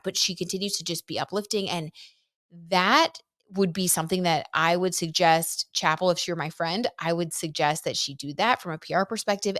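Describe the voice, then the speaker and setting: Chatty low-voiced woman astrologer. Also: a bit bright, no echo, clean studio sound. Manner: chatty and effusive, many "like"s. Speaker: astrology and tarot host. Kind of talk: casual astrology commentary.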